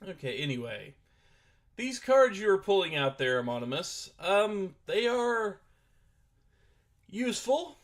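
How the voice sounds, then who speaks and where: This streamer's voice is high-pitched and very animated, yet he takes it slowly with long pauses. On a casual gaming stream, he hesitantly thinks aloud while explaining and setting up a board game, recorded on a desk microphone at his computer.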